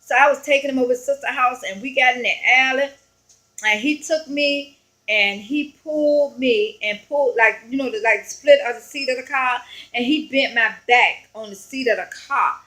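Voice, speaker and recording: A woman evangelist telling a personal story on her vlog in a halting, rambling, conversational way. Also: high voice, sharp tone, rough recording. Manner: halting, rambling retelling full of fillers; earnest, conversational.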